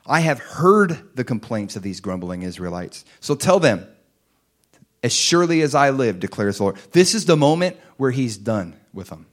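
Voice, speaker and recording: Animated man preaching. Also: medium pitch, normal speed. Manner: animated preaching, reading scripture aloud, rising to loud emphasis. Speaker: pastor. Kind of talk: sermon.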